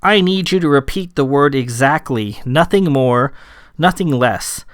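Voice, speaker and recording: Droll bureaucratic lord, read by a man, clipped and unmoved, mid-pitched, dry close sound. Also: lively intonation, unhurried, no echo, natural voice. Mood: impatient. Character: cool, impatient male lord official.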